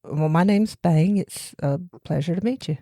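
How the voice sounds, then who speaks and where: A woman voicing a polite, cautious male kobold traveler with a slow Southern drawl and hesitant manner. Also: on the low side, dark tone, no echo, clean studio sound, natural voice. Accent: Southern US, put on.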